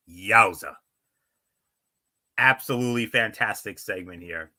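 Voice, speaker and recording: Emphatic man with a bright voice. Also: lowish voice, normal speed, pauses often. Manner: enthusiastic, emphatic. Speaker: podcast host. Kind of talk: reading a wrestling recap and reacting.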